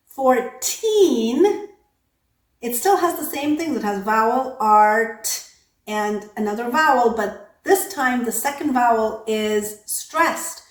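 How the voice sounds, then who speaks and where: Slow, patient woman teaching pronunciation. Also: fairly high pitch, reverberant. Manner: explains patiently, models example words slowly and checks in with "okay?". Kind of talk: pronunciation lesson.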